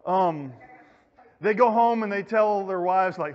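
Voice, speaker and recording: A man's voice: high-pitched, unhurried. A man, a youth pastor, teaching a casual Bible lesson and acting out the people in his stories. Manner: casual, storytelling, acts out quotes. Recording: echoey hall, muffled lo-fi recording.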